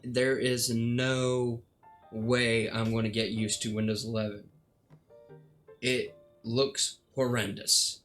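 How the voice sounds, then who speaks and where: A man's voice: medium pitch, little pitch movement, slow pace, a bit bright, faint music behind. A man streaming and ranting casually, exasperated and dramatic, restarting his sentences often.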